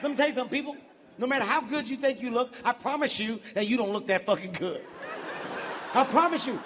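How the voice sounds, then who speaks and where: A man doing a stand-up routine, telling stories in a brash, profane, animated way with shouted outbursts. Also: sits high, big-room sound, a little hiss or hum. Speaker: stand-up comedian. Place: large venue with audience.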